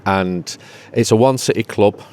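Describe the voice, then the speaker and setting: A man's voice: lowish voice, fairly even intonation, moderate pace, warm tone, a little hiss or hum. A man as a regular pundit in casual podcast chat, joking and rambling before turning rousing. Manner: jokey, rambling, then rousing.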